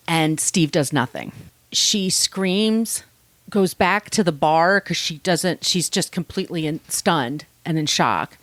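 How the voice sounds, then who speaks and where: A woman with a somewhat low voice tells a true-crime story as a podcast host. She keeps it casual and animated, slips into the voices of the people involved, and swears freely. The sound is dry and close, with no room echo. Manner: chatty, animated, acts out quotes, swears freely.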